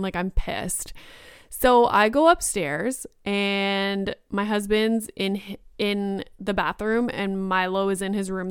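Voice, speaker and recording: A young woman hosts her podcast alone and tells a story in a loose, chatty way, with "like" in almost every phrase. Her voice is very smooth and crisp at a middle pitch. It is recorded close and dry, with no room sound. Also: dry recording. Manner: chatty, fills speech with "like". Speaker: podcast host. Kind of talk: casual storytelling monologue.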